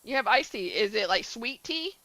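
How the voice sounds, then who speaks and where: A woman chats casually with her stream as she plays, peppering her talk with filler likes. Her voice sits a little high and comes across bright and forceful. The sound is dry and close. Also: expressive, moderate pace, dry recording, rough recording. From southern United States. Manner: chatty, answers chat, many filler likes. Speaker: gaming streamer. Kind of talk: casual chat while streaming a game.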